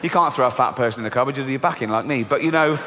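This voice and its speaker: A man's voice: mid-range voice, racing, a bit bright. A British man doing stand-up comedy on a large theatre stage, sarcastic and mock-outraged, with frequent swearing. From Britain. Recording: live theatre reverb with audience noise.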